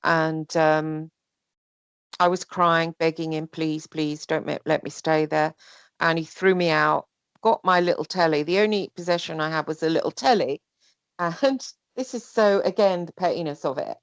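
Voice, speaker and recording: A woman telling a personal story in casual chat, rambling and animated, sometimes mimicking other people. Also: sits low, normal speed, clear, resonant tone, dry recording. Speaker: guest.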